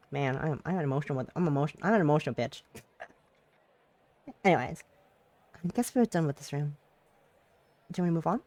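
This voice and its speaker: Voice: mid-range voice, no echo. A streamer reading a visual novel's dialogue aloud during a live stream, teary and emotional, breaking into swearing outbursts between lines.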